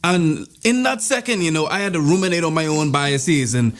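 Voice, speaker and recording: A man spins a comic story in a fairly high voice, rambling and animated. He keeps breaking off into playful asides, with faint music underneath. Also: normal speed. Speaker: vlogger. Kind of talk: comedic storytelling.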